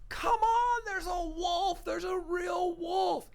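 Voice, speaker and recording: A man voicing a mischievous young shepherd boy in a storybook tale, shouting in high, frantic cries. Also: moderate pace, clean tone, natural voice.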